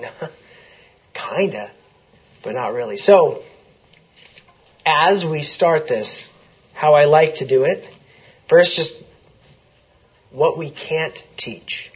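Husky-voiced man telling a story in a sermon. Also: fairly high pitch, takes it slowly, pauses often, muffled recording. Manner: conversational storytelling, acts out both sides of dialogue. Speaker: pastor.

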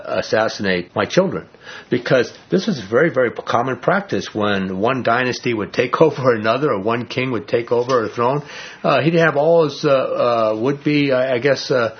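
A man's voice: mid-range voice, breathy edge. A man teaching a Bible lesson as a pastor, conversational and folksy, often checking in with "all right?" on a muffled recording.

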